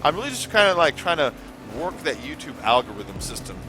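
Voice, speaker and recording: A man's voice: fairly high pitch, big pitch swings, fairly quick. A man chatting casually on his live gaming stream, rambling and swearing now and then, with music playing behind him. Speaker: gaming livestreamer.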